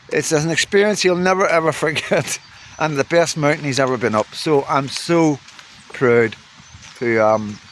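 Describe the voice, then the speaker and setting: A man's voice: fairly high pitch, a bit bright, a little hiss or hum. Chatty man telling a story. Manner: chatty and rambling, swears freely, laughs at his own story. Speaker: vlogger. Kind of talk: casual storytelling to camera.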